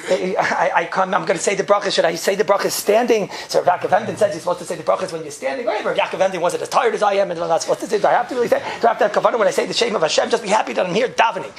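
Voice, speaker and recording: A man's voice: high voice, very fast, gravelly, few pauses. A man giving an informal class full of jokes and rhetorical questions, chuckling often. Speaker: yeshiva teacher giving a class.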